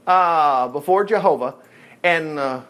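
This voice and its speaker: This man is a pastor whose voice runs on the high side. His preaching is animated and homespun, full of amused asides and swift switches from reading to commentary.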